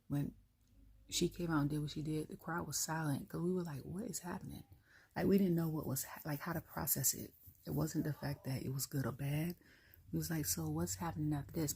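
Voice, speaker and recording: A low, gravelly woman talks through a wrestling show in a loose, chatty rant. Her voice is husky and rough, and she slips into quoted voices and breaks into laughter as she goes. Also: dark tone. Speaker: wrestling review vlogger. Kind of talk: casual solo rant.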